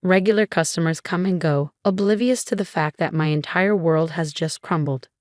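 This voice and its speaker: A woman reading a first-person story aloud in a steady, even narration. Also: on the low side, moderate pace, dry recording, clean studio sound. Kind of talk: scripted narration.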